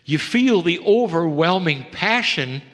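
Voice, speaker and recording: A man giving a slow, earnest channeled spiritual talk, pausing between phrases, recorded in a lecture hall. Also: high-pitched, expressive, fairly bright tone.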